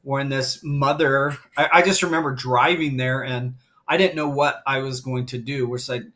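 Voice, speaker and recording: Middle-aged man, guest on a live stream, heartfelt emotional storytelling, warm open delivery. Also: mid-range voice, steady tone, normal speed. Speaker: guest, grief coach.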